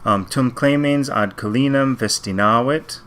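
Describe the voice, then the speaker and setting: In a measured, mid-range voice with a slight brightness, a male Latin teacher translates a reading passage carefully, sentence by sentence. He thinks out loud in an orderly way, walking through each step slowly.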